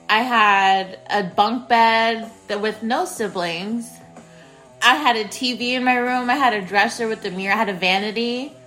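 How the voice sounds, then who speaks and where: A woman's voice: a little high, bright, forceful tone. A woman in her thirties hosting a casual solo podcast from a spare bedroom at home. She talks straight to her listeners and repeats her phrases. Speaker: podcast host.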